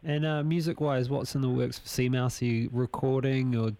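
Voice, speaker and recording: A man's voice: medium pitch, steady tone, normal speed, mellow. A man co-hosting a live radio interview, asking easygoing questions. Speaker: radio co-host.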